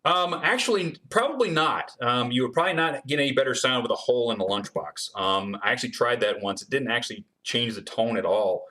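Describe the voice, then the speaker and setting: A man's voice: medium pitch, animated, a little fast, hardly any pauses, bright, forceful tone. A man answering chat questions and demonstrating guitar building in a casual livestream, chatty and full of ums. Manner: chatty, many ums, reads questions aloud.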